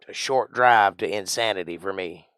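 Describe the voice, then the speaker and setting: A middle-aged man from Georgia with a Southern accent, chatting playfully and rambling on his livestream, now and then bursting out loud. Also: fairly low pitch, moderate pace, clean tone, no room sound, studio quality. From Georgia, USA. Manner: playful, rambling, jokey with sudden loud outbursts. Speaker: livestream host. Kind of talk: casual livestream chat.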